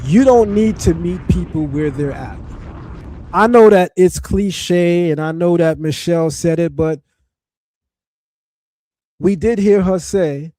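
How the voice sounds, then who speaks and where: A man's voice: sits high, takes it slowly, long pauses, warm tone, no echo. A man hosting a podcast, giving opinionated commentary in a conversational way with filler words. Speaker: podcast host.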